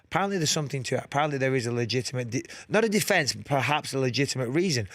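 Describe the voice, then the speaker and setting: A man's voice: medium pitch, animated, racing, fairly bright tone, no room sound. A man with a northern English accent, talking frankly as a guest in a casual studio interview and laughing easily. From England. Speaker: guest fighter. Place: radio studio.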